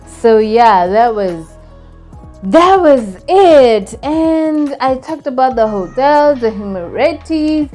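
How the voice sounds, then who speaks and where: A young woman from Botswana recapping a trip in a casual vlog, chatty and animated, with lots of fillers. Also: fairly high pitch, takes it slowly, faint music behind. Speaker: vlogger.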